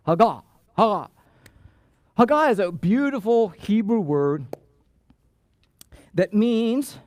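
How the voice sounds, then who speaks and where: A pastor preaching a sermon in church, animated and emphatic, often repeating words and drawing out key phrases. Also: male voice, on the high side, dry recording. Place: church sanctuary.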